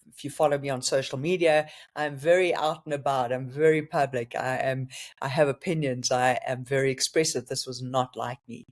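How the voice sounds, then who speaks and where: Earnest middle-aged man on spiritual podcast. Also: medium pitch. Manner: earnest, candid, with frequent restarts. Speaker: podcast co-host. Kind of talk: reflective spiritual talk.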